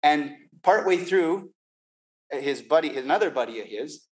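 A man's voice: a little high, unhurried, poor audio. Man animatedly telling a faith testimony. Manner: animated, repeats words, acts out quoted dialogue. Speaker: Christian giving a personal testimony. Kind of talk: storytelling testimony.

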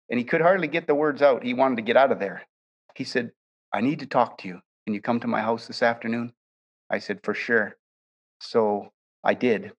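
A man, a pastor, preaching by telling personal stories, earnest, his voice dropping softer whenever he quotes someone. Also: mid-range voice, muffled recording. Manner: earnest storytelling, voice drops softer when quoting others. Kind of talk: storytelling testimony sermon.

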